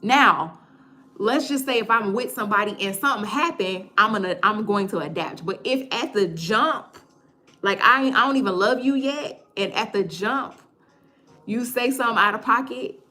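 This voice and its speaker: A young woman, hosting a casual livestream chat, joking, animated, often stammering and repeating herself. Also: medium pitch, moderate pace. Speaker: livestream host.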